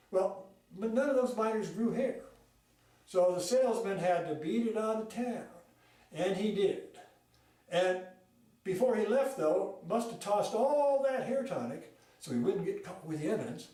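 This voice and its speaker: A folksy man spinning a tall tale, his voice high and his pace and volume shifting as he goes. The room rings with strong echo, and the mic sits far from him. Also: dark tone. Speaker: storyteller. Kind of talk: telling a tall tale at a speaking club.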